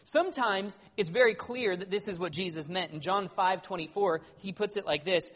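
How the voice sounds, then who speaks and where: Animated preacher in a reverberant hall. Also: male voice, high voice, normal speed, hardly any pauses. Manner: animated, conversational, with wry humor. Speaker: pastor. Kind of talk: sermon.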